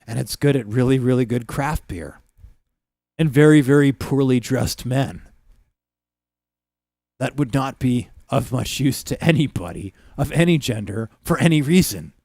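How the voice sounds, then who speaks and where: A man telling rambling, profanity-laced stories on a livestream, full of ums and asides. His pitch sits in the middle range. The recording is dry, with little room sound. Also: measured pace, vocal fry, darkish tone, no echo. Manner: profane, rambling storytelling with many fillers. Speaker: livestream host. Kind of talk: casual rambling livestream chat.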